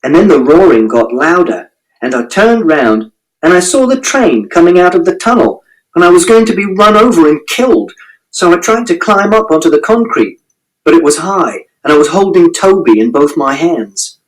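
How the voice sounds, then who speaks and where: Male audiobook narrator, matter-of-fact, literal first-person telling; animated, slightly high pitch. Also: moderate pace, low-quality recording.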